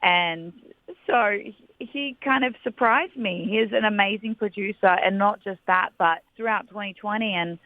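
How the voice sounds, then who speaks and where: A woman's voice: mid-range voice, normal speed. A chatty young woman with an Australian accent talks over a phone line. The sound is tinny and thin, and her laughs come easily. There is no room echo at all. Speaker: guest singer. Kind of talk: casual phone interview.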